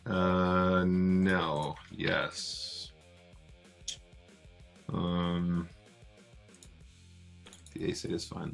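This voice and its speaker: A man's voice: sits low, vocal fry, fairly bright tone. A man casually commentating his online poker play on a live stream, chatting with viewers as he goes. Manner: chatty, greets viewers while playing.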